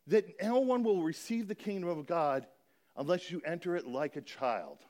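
Earnest male charity speaker addressing a congregation, reads scripture slowly, voice a touch high. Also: expressive, a little mellow. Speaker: guest speaker for a children's charity. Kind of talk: church talk with scripture reading.

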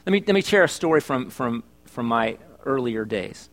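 A man's voice: mid-range voice, lively intonation, moderate pace. A middle-aged male pastor preaching a sermon in church, chatty and joking, asking his congregation questions. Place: church service.

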